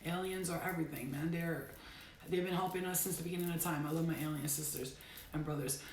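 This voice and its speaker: A woman's voice: low voice, fairly even intonation, fast, a little mellow, roomy sound, slight background noise. A woman giving a casual spiritual reading at home, talking bluntly and emphatically and swearing now and then. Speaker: tarot reader. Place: bedroom at home.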